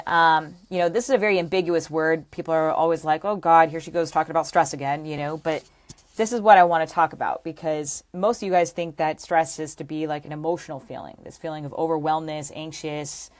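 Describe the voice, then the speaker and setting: A woman with a low, deep voice explains fitness to camera as a coach. She talks emphatically, repeating key ideas and tagging them with "okay?" and "right?". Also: steady tone, moderate pace. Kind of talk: teaching to camera.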